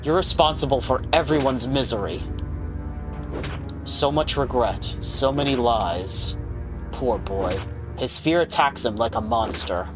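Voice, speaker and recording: A man's voice: mid-range voice, unhurried, close to an everyday voice. A man doing a sneering spirit posing as a father. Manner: sneering and contemptuous. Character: cruel mask spirit posing as a scornful father. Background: game music.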